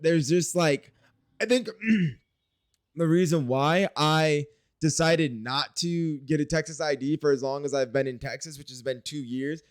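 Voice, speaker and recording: A man's voice: a little high, a little slow, dry recording, clean studio sound. A man from Wisconsin talking through a casual spoken video diary, rambling and candid with some swearing. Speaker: video diarist.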